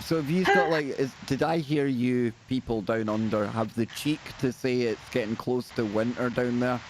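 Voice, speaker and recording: A man's voice: medium pitch, moderate pace, a loud crowd. A man with a Scottish accent hosting a live talk show, bantering in a jokey, self-deprecating way. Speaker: host. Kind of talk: casual live-show chat.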